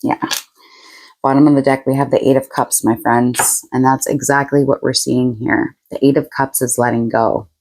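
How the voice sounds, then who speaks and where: A woman's voice: very deep voice, fairly even intonation, normal speed, a little mellow, rough recording. A woman giving a casual tarot reading to her viewers, chatty and frank, laughing often and using blunt slang. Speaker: tarot reader.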